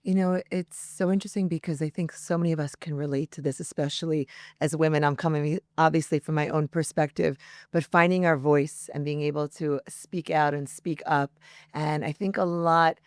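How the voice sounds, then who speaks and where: A woman's voice: low voice, fairly even intonation, normal speed, dry recording, studio quality. A woman hosting an interview show, earnest and personal in how she asks her questions. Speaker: host. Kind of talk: interview hosting with scripted intro.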